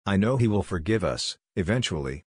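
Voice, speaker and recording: A man voicing a calm, caring male village leader and father in a fan fiction reading, gentle and reassuring. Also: deep voice, brisk, husky, no room sound, clean studio sound.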